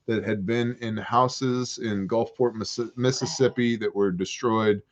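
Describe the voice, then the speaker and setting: Here a man with a mid-range voice speaks a little slowly over dull-sounding audio. He's sitting on a porch running a prepper Q&A stream, where he reads comments, jokes around, and tells stories with animation.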